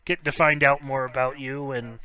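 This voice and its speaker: A man's voice: medium pitch, fairly even intonation, moderate pace, pushed and bright. A man hosting a card break stream, chatting casually and enthusiastically with viewers. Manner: chatty and enthusiastic, laughs often. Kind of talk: casual livestream chat.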